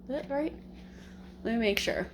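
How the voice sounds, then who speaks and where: A woman's voice: fairly high pitch, animated, moderate pace, noisy background. A woman vlogging casually, rambling with lots of fillers and restarts, using informal slang and mock exasperation. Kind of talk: casual chat.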